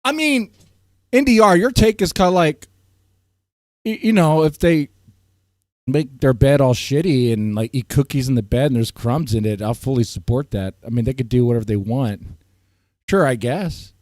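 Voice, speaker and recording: A man streaming live, ranting at his chat in a heated, swinging way, his voice strained and often cleared. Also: moderate pace, no room sound, clean studio sound. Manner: heated, swings from loud outbursts to low muttering. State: voice strained, keeps clearing throat. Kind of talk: ranting livestream commentary to chat.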